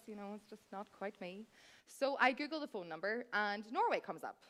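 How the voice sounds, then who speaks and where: On a theatre stage, a cabaret performer in her thirties tells a comic, wry story directly to the audience in a chatty way. Her medium-pitched voice is expressive and a bit bright, moving at a normal speed.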